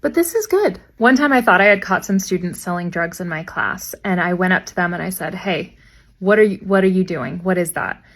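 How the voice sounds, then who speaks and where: A young adult woman, a teacher, telling funny classroom anecdotes in a dry, deadpan way and quoting her students. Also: fairly low pitch, a little fast. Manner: deadpan, wry delivery with quoted student voices. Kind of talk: anecdotal storytelling.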